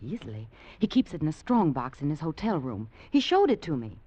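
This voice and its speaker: A woman's voice: sits low, sing-song, a little fast, mellow, breathy edge, full character voice. An actress playing a scheming young woman from Virginia in a 1940s radio drama, with a Southern American accent and an urgent, practical way of talking. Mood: determined. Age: young adult. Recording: dull lo-fi old radio broadcast.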